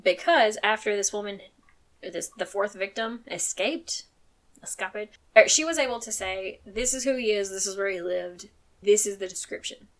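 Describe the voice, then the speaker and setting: A woman's voice: mid-range voice, moderate pace. Sweary, emphatic true crime podcast woman. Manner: casual storyteller who swears often, gets emphatic when angry; says she uses a firm announcer voice when angry. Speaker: podcast host.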